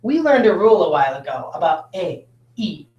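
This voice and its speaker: A woman's voice: on the low side, sing-song, fast talker, roomy sound, dull audio. A woman teacher giving an upbeat phonics lesson at a whiteboard, talking straight to her students and often checking "right?". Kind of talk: recorded classroom phonics lesson. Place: classroom with a whiteboard.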